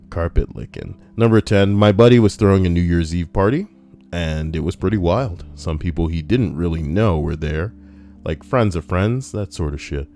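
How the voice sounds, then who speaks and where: A young man casually reading a list aloud on a live stream and chatting with viewers, animated and prone to ranting in put-on voices. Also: slow, pauses often. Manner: animated, breaks into high-pitched put-on voices and rants. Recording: soft music underneath. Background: soft background music.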